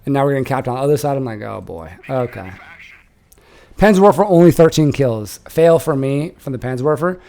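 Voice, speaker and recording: A young man shoutcasting a strategy game he played in, casual and animated, swearing and laughing. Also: medium pitch, quick pace, hardly any pauses.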